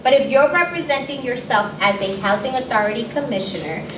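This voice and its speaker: A woman chairing a public board meeting answers in a measured, explanatory tone with a slightly high voice. She sits far from the mic in an echoey room, and a clear hiss runs underneath. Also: animated.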